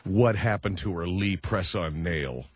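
A man's voice: deep voice, animated, a little slow. A man hosting a radio call-in show, brash and pushy, firing repeated questions at callers. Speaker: radio talk show host.

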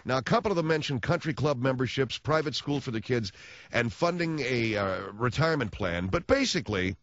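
A man hosting a radio talk show, delivering a mock-solemn, sarcastic announcement in a deadpan way into a studio microphone. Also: medium pitch, fairly quick, no room sound, lo-fi sound. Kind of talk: sardonic radio monologue.

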